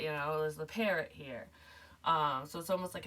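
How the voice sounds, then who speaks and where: A woman's voice: low-pitched, unhurried, fairly bright tone, far from the mic. A woman psychic medium talking casually through a reading, rambling and swearing with frequent laughs. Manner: rambling, profane, laughs often.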